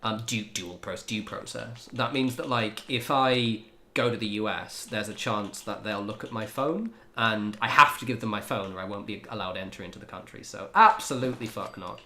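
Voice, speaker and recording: A man's voice: fairly low pitch, moderate pace, bright, forceful tone. A man chatting casually to his viewers while he plays a game on a livestream, laid-back, laughing often and swearing freely. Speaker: game streamer.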